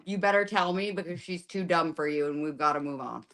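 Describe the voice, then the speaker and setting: A woman guest in a casual podcast chat, animated and teasing, swearing freely. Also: lowish voice, brisk, over a noisy crowd.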